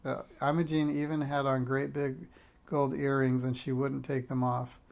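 A man's voice: medium pitch, little pitch movement, normal speed, gravelly, a little mellow. A man reading a children's story aloud with wry, amused storytelling.

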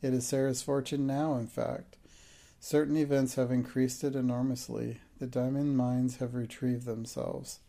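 A man voicing a solicitor who speaks in a quiet, level, steady and cool manner. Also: medium pitch, normal speed, gravelly, close to an everyday voice.

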